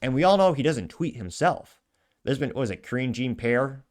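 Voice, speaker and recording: Brief: a man hosting a show in a casual, sarcastic commentary voice, mid-pitched. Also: animated, normal speed, darkish tone. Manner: sarcastic, reads out comments aloud. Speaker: show host.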